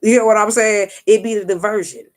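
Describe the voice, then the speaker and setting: A woman's voice: mid-range voice, a little fast. A woman vlogger and spiritual reader telling a story in a casual monologue, cursing freely, acting out what others said and checking in with her viewers. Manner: profane, street-talking, keeps asking "you get what I'm saying"; animated, acts out what others said.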